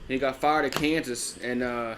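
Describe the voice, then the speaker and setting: A man's voice: medium pitch, steady tone, normal speed, a bit bright, a little hiss or hum. Frustrated man ranting on a sports stream. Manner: frustrated, swearing, rambling with many restarts. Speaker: sports live-stream host. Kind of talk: casual live-stream fan chat.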